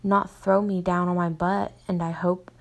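A woman's voice: lowish voice, little pitch movement, normal speed, gravelly. A woman reading as a whiny teen cheerleader. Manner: reads plainly with little change of voice. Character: teen cheerleader girl, whiny then frightened.

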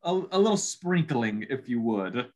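A man's voice: medium pitch, very animated, moderate pace, darkish tone. A man co-hosting a casual sports podcast, dropping in playful, teasing remarks. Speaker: podcast co-host.

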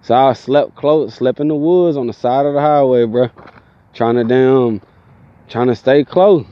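A tired young man telling a profane, animated story in casual talk, inside a vehicle. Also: mid-range voice, a little slow, muffled recording. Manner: profane, animated, mimics people in his stories.

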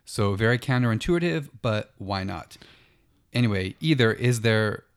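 A man co-hosting a podcast, reading listener questions aloud in a steady, relaxed way. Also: on the low side, moderate pace, clear, resonant tone. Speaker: podcast co-host.

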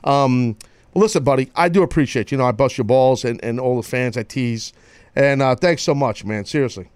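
A man hosting a talk show, teasing callers with loose joking banter and sudden loud yelps. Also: mid-range voice, brisk, clear, resonant tone, dry recording. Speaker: host.

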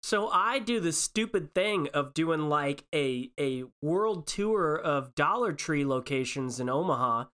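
A woman's voice: sits low, unhurried, few pauses. A woman telling a story in casual chat, acting out the people in it. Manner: animated storytelling with acted-out voices.

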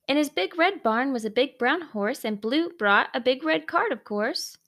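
A woman reading a rhyming picture book aloud in a sing-song, expressive way. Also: a little high, unhurried, few pauses. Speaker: storybook reader.

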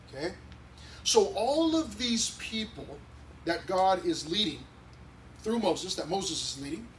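High-voiced pastor preaching from a distance. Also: male voice. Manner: conversational, acts out quoted voices. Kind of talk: sermon. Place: church. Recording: distant mic with faint noise.

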